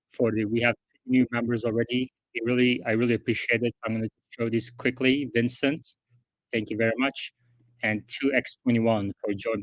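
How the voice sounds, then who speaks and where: A livestream host with a medium-pitched, slightly bright male voice chats casually through financial figures, thinking aloud and reading quotes from a report. The recording is dry and rough.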